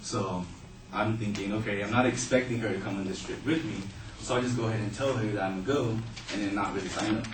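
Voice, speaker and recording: Man, animated casual storyteller, quick delivery, recorded far off in an echoey room. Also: on the low side, background noise. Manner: animated, acting out voices in his story. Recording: roomy, distant mic, faint ambience.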